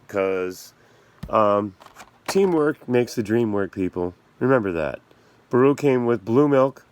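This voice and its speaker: A man's voice: fairly low pitch, animated, slow pace, a little hiss or hum. A man hosting a casual vlog about his action figures, rambling and joking and often losing his train of thought. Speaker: channel host reviewing toy action figures.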